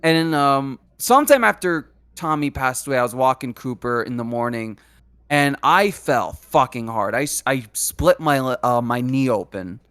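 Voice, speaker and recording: A man co-hosting a casual livestreamed reaction show, telling stories in an animated, profane way. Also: mid-range voice, normal speed, clear, resonant tone, no echo. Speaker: podcast co-host. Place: home streaming setup.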